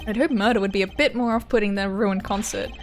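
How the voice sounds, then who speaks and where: A woman's voice: mid-range voice, quick pace, close to an everyday voice. A woman voicing an earnest young male defense attorney, flustered and wry, reading game lines on stream.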